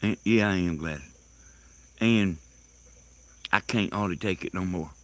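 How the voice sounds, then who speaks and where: Rambling man, low voice. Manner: rambling, halting, laughs loudly at own stories. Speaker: host. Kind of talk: casual storytelling monologue. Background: crickets and insects.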